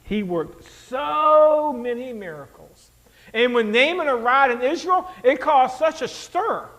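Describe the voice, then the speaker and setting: A man preaching a sermon in an animated, conversational way, throwing rhetorical questions to the congregation. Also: very high-pitched, measured pace, rough recording. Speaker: pastor.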